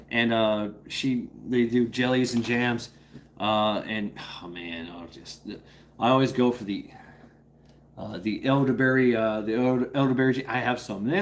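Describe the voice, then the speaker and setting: Lively, rambling man streaming live. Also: mid-range voice, slight background noise. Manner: rambling and playful, greets chatters by name; breaks into a playful coaxing voice with his dog. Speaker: livestream host. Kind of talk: casual live chat with viewers.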